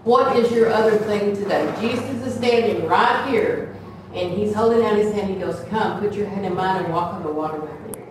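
A woman's voice: mid-range voice, moderate pace. A woman with a drawl preaches to a small church in a chatty, folksy way and slips into playful voices when she quotes gossip. She is heard from some distance, and the room rings with heavy echo over a faint hum of ambience. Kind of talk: sermon.

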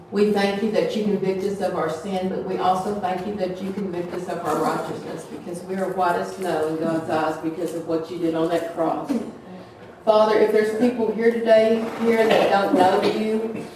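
A woman's voice: medium pitch, steady tone, normal speed. A woman with a drawl preaches to a small church in a chatty, folksy way and slips into playful voices when she quotes gossip. She is heard from some distance, and the room rings with heavy echo over a faint hum of ambience. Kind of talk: sermon.

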